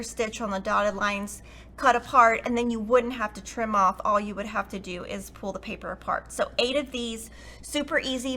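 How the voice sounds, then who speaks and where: A woman with a bright, somewhat high voice leads a sewing tutorial. She chats along eagerly, explaining fabrics and steps in a friendly, upbeat tutorial manner. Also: a little hiss or hum. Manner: chatty, warm, enthusiastic explaining. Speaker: quilting tutorial host.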